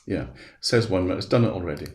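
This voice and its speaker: A man presenting a webinar, chatting through a live software demonstration step by step at his computer. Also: sits low, expressive, very fast. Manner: chatty, walks through steps aloud. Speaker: education specialist presenting a webinar. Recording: roomy echo.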